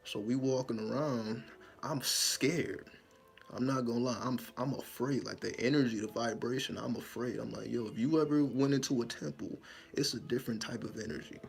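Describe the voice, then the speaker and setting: Gravelly man telling a dream story. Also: mid-range voice, normal speed, soft background music. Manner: animated, profane, acts out his own panicked lines. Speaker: spiritual storyteller. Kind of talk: casual dream storytelling monologue.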